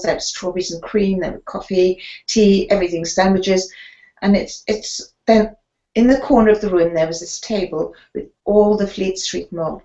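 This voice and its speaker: An older woman, a sports photographer and guest on an interview show, telling her stories in an animated way and acting out the voices of the people she quotes. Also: mid-range voice, dull audio. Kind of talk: storytelling interview.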